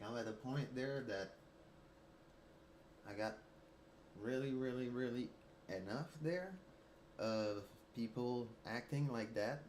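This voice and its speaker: A man with a Quebec French accent rants angrily and profanely at a teammate while streaming a mobile game. His voice is fairly low and a little mellow, with slight background noise.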